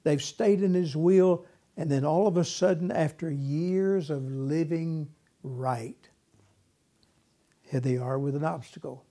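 A man's voice: a little high, slow, dark tone. A man preaching a sermon in a folksy way, repeating words and acting out whiny voices, with a congregation answering. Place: church with congregation responding.

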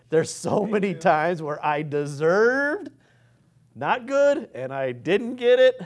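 A man's voice: sits high, very animated, slow pace. A man giving an informal, earnest sermon, rambling and restarting his sentences as he goes. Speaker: preacher.

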